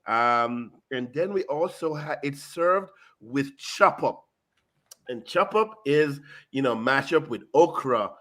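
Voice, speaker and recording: A man hosting a casual food chat, hyped and talkative, full of "you know" and "boom". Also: lively intonation, takes it slowly, a bit bright. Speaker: show host. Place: South Florida.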